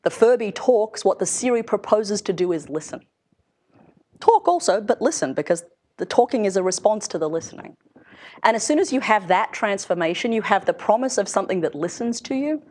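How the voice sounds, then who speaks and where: Her mid-range voice is expressive and darkish, and she speaks fairly quickly as she delivers a conversational seminar lecture to a room of listeners. She is a middle-aged industry researcher who laughs lightly between points.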